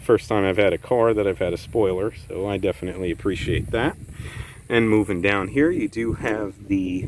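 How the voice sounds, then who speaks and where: A man giving a casual walkaround review of his own car, relaxed and enthusiastic, often doubling words. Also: low voice, a little hiss or hum, poor audio. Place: outdoors beside a parked car.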